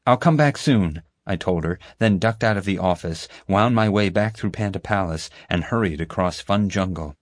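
A man reading a first-person story aloud as an audiobook narrator, in an even storytelling manner. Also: sits low, moderate pace, few pauses, no echo. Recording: dry close studio sound.

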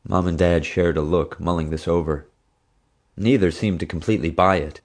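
A man narrating a first-person audiobook in an even, steady storytelling manner. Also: sits low, moderate pace.

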